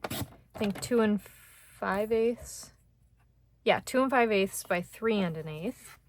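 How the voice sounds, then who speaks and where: A woman's voice: medium pitch, slow. Chatty woman thinking aloud while crafting. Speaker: card-making instructor. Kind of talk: casual craft tutorial chat.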